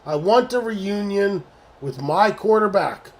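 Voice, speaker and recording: A man's voice: high-pitched, animated, slow pace. Profane, exasperated man streaming. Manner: profane, exasperated banter with chat. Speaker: livestream host. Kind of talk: casual livestream chat.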